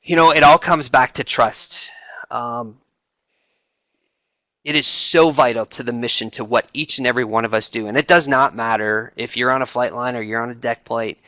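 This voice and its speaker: A middle-aged man talks to a webinar audience in a loose, conversational way, full of fillers and restarts. His voice is bright and forward at a middle pitch, recorded close and dry. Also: dry recording. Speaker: senior enlisted advisor speaking on a webinar. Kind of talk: informal talk to a webinar audience.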